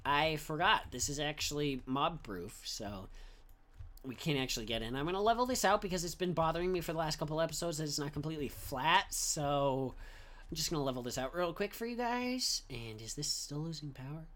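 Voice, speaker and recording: Young man, gaming commentary, rambling, goofy, swooping pitch, mumbles under breath. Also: lively intonation, brisk, a bit bright. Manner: rambling, goofy, trails off and slips into whispery mumbling. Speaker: gaming channel host. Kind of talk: casual let's-play commentary.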